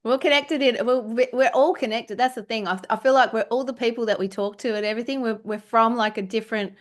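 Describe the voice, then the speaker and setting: A woman's voice: a little high, fairly even intonation, quick pace. A woman with an Australian accent hosting a podcast, chatting casually with a guest, laughing often and trailing off with fillers. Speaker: podcast host. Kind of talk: casual chat.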